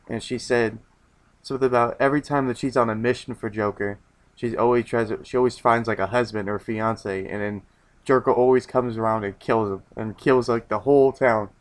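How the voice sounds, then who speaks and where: A man talking through a review in a relaxed, offhand chat. He rambles, restarts his sentences often and swears casually, at a middle pitch.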